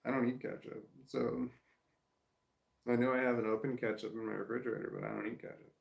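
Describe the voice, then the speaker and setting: Gravelly-voiced man rambling casually. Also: medium pitch, flat delivery, a little fast, echoey room. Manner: rambling, repeats himself, swears when annoyed. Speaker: vlogger. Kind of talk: casual vlog monologue. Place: at home.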